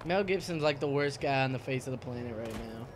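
A young man giving goofy, rambling let's-play commentary, cracking jokes and sometimes breaking into squeaky outbursts. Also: brisk. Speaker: gameplay commentator. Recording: noisy home recording.

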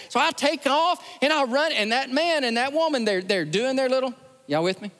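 A man preaching a sermon, telling stories in an animated, lively way. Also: very high voice, fairly quick. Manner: animated storytelling, acts out scenes with rising excitement. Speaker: pastor. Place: large church sanctuary. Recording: long church hall reverb.

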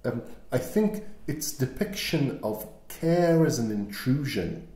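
A man's voice: medium pitch, expressive, slow, mellow, echoey room. A man co-hosting a podcast, chatting casually in a playful, rambling, thoughtful way. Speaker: podcast co-host. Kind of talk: casual chat.

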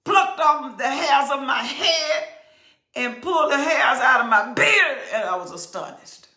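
A woman acting out a grieving ancient male scribe, speaking slowly and emphatically in dismay. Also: high-pitched, animated, sharp tone, voice pushed up, exaggerated voice. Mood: anguished. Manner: emphatic, slow and stricken. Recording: roomy echo.

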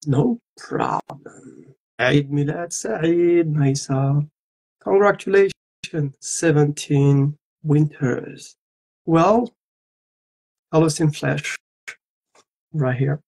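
Husky, slow-talking playful man. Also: a little high, darkish tone, poor audio. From Algeria. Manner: playful, joking, switching between languages. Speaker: voice actor at a fan autograph session. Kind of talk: casual livestream chat.

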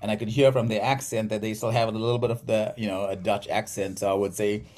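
A man's voice: lowish voice, flat delivery, quick pace, darkish tone. A middle-aged man from South Africa with a South African accent, a podcast guest talking in a thoughtful way with many fillers and restarts. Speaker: physical therapist, podcast guest. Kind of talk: conversational interview.

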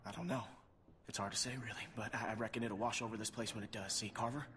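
A man voicing a worried young man on the run, talking in an urgent, hushed way. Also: on the low side, fairly even intonation, fast talker, slight background noise. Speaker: video game character.

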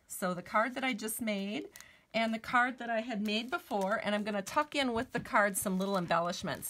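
A woman's voice: on the high side, fairly bright tone. A woman hosting a live stamping and card-making demonstration at her crafting table. She talks in a chatty way and gushes over her work.

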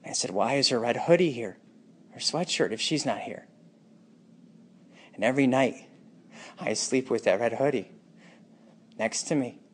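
Guy pouring out a painful monologue, bitter, goes quiet then gets intense, mid pitch. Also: moderate pace, pauses often, slightly rough. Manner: anguished and bitter, swinging between hushed and intense. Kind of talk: emotional personal monologue.

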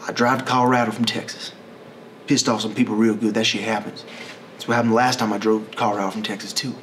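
A man's voice: lowish voice, level tone, fast talker, fairly bright tone, a little hiss or hum. A man talking in a casual, rambling, profane monologue, often correcting himself mid-sentence.

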